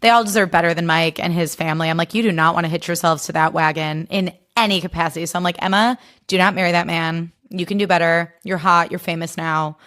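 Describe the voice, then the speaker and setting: A woman's voice: lowish voice, fairly even intonation, quick pace, hardly any pauses, fairly bright tone. Young adult woman, podcast host. Chatty, sarcastic and filler-heavy, with frequent swearing, in casual talk. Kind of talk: casual chat.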